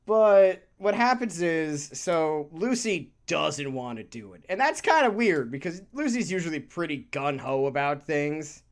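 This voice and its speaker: A podcast co-host in casual chat, talking in a rambling, animated way, swearing casually and laughing often. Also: mid-range voice, unhurried, hardly any pauses.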